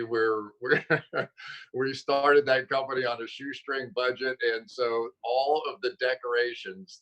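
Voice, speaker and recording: A man, a former football player and broadcaster, telling stories as a guest over a video call, animated and self-deprecating, laughing often. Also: mid-range voice, muffled recording.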